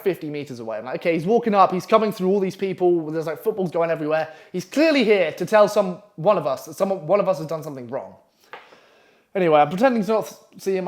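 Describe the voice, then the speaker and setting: Guy in his 20s ranting a story, swears a ton, slightly high voice, loose and rambly. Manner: profane, animated, rambling with frequent fillers. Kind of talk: casual storytelling to camera.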